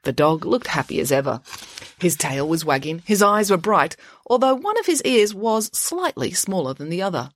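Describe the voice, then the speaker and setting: Lively woman reading a children's story. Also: fairly low pitch, normal speed. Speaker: author reading her children's book. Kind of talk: storybook narration with character voices.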